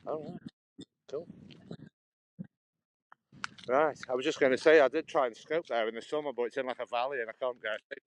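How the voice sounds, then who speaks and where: A man's voice: medium pitch, steady tone, fairly quick, pauses often. A man from Stoke-on-Trent, rambling and laughing as he chats to live viewers on an outdoor canal walk. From Stoke-on-Trent, England. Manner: chatty, rambling, laughs often, answers viewer comments. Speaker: livestream walker. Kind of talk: casual live-stream chat while walking. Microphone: phone held while walking.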